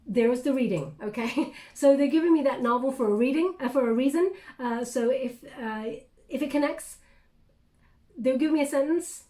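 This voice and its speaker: A woman giving an intuitive tarot reading to camera, chatty and reflective, with many pauses and restarts. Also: high voice, mellow. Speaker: tarot reader.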